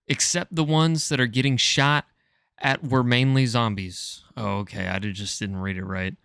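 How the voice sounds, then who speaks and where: A man's voice: medium pitch, unhurried, gravelly, pauses often, fairly bright tone, clear, resonant tone, no echo, clean studio sound. A man co-hosting a podcast, reading a choose-your-own-adventure story aloud and stumbling over words with amusement.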